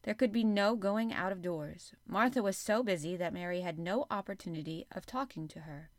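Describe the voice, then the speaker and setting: A woman's voice: lowish voice, moderate pace, no echo, studio quality. Woman reading a classic novel aloud. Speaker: podcast host and reader.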